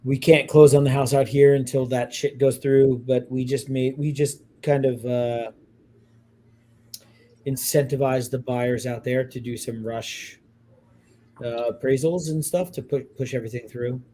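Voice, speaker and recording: A man's voice: medium pitch, fairly even intonation, unhurried, dark tone, slight background noise. A man co-hosting a casual podcast from a hotel room, talking in a rambling, profane way with many stammered restarts. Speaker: podcast co-host. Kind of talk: casual chat.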